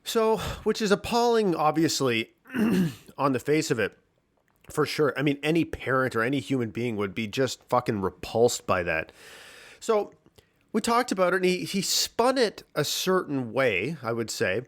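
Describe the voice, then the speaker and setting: A man hosting his podcast alone from his home basement, talking candidly with a morning voice, clearing his throat, swearing and restarting sentences. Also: fairly high pitch, big pitch swings, moderate pace. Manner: candid, rambling, swears freely, frequent restarts. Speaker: podcast host. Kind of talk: casual solo podcast monologue.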